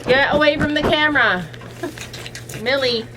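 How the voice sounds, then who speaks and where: A woman with a high, unhurried voice talks casually to the camera on her farm, coaxing her goats as she tends them and chatting with viewers. The outdoor recording picks up farm noise and goats bleating.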